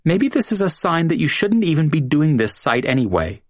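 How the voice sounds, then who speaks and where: A man's voice: sits high, huge pitch swings, moderate pace, no room sound, studio quality, voice pushed up, exaggerated voice. A man voicing a tearful young woman who pleads and defends herself in a told story. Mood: defiant. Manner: pleading, sobbing delivery.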